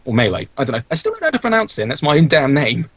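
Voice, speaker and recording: A man's voice: fairly high pitch, wildly swooping pitch, rapid-fire, a bit bright, husky, no room sound. A young man, a podcast guest, talking casually and rambling with many restarts and fillers. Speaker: podcast guest, video creator. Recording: dull, dry lo-fi mic.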